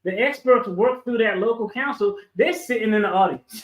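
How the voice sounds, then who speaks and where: A man with a fairly high voice tells stories in a relaxed, laughing way. He sounds like a lawyer chatting on a video call. His room carries a noticeable echo. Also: moderate pace. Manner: laid-back, chuckling storyteller. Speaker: guest lawyer. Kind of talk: casual video call chat.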